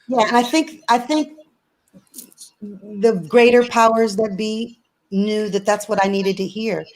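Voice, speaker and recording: A woman's voice: mid-range voice, fairly even intonation, measured pace, darkish tone, rough recording. A woman guest on a video call, speaking earnestly and telling a personal story with many restarts. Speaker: interview guest, singer. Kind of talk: casual conversation.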